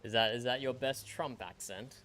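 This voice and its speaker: A man's voice: mid-range voice, normal speed, a bit bright, slight background noise. A man streaming a video game, chatting in a dry, matter-of-fact way and chuckling often. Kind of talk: casual gaming livestream chat.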